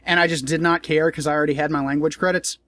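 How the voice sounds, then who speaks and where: A man's voice: on the high side, fairly even intonation, fast, pushed and bright. A man in a casual commentary vlog, talking in a rambling, profane, joking way. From United States.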